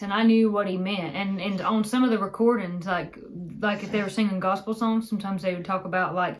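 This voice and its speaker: A woman's voice: medium pitch, a little fast, hardly any pauses, low-quality recording. Chatty Appalachian woman co-host. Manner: chatty, laughs often, excitable. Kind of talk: casual chat.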